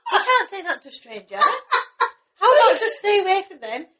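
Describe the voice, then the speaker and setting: Chatty woman with a lively voice. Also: very high voice, moderate pace. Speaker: podcast co-host. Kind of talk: casual chat.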